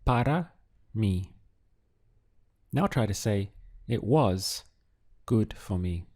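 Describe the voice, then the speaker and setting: A man whose first language is Spanish, giving a slow audio language lesson and drilling phrases with patient pauses. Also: lowish voice, expressive, a little mellow. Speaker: Spanish tutor.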